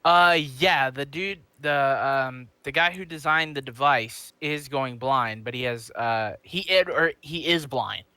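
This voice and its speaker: A man's voice: mid-range voice, unhurried, hardly any pauses, pushed and bright, clear, resonant tone, no echo. A man co-hosting a podcast, chatting casually about a TV show, full of likes and ums. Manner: chatty, filler-heavy with lots of likes and ums. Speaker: podcast co-host.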